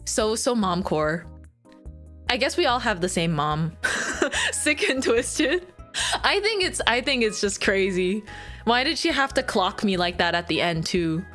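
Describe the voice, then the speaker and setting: A young woman streamer in casual chat with her viewers, giggly and animated, squealing when she quotes herself. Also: medium pitch, a little slow, soft background music.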